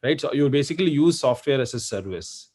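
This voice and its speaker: A man from India speaking as a software executive on an online panel, explaining points with many fillers and tag questions. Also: mid-range voice, animated, a little fast. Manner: explains with frequent "right?" and fillers. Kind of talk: panel discussion. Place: video call.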